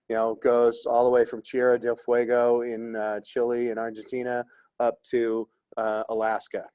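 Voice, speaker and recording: A man giving a casual classroom lecture, his voice sitting at an ordinary middle pitch. He rambles and digresses, keeps asking the room "right?" and "okay?", and teases his students lightly. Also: lo-fi sound. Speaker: art history teacher.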